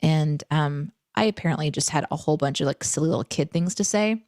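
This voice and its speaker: A woman's voice: low-pitched, brisk, dry recording, clean studio sound. Chatty woman hosting a live chat. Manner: animated, chatty storytelling with fillers. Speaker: co-host. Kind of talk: casual live chat, reading viewer questions. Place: home room.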